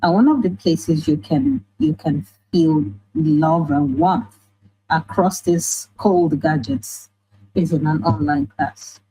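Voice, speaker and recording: A woman with a Nigerian accent, an online teacher and writer talking in a casual interview, animated and quick to act out the voices she quotes. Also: deep voice, breathy edge, rough recording. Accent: Nigerian English. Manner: animated, often laughing, acts out quoted voices.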